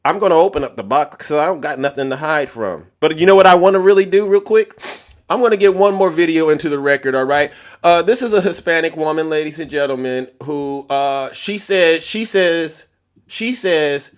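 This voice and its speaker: A man's voice: fairly high pitch, fairly quick, fairly bright tone. A man hosting a livestream, ranting and mocking in a preachy tone, laughing through his lines. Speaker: livestream host.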